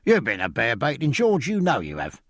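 Man doing a mocking sailor, raised pitch, gravelly, lively. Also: normal speed, no room sound, clean studio sound. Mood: teasing. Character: teasing English sailor shipmate.

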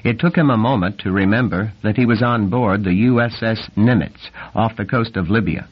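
A man reading a novel aloud as the narrator, telling the story at a steady, even pace. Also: on the low side, moderate pace, husky. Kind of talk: scripted audiobook narration. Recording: dull lo-fi recording.

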